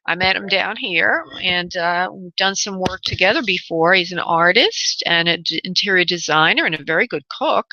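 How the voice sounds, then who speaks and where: Bright-voiced woman giving psychic radio readings. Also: medium pitch, no room sound, dull audio. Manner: soothing, calls callers honey and love; thinks aloud, pauses to tune in. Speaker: radio show host and spirit medium.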